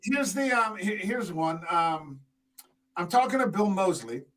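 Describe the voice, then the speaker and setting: Bright, high-voiced man telling con stories. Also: a little slow, rough recording. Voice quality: tall man, six foot five. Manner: profane, animated anecdote-telling with many fillers. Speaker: podcast co-host. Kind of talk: casual storytelling chat.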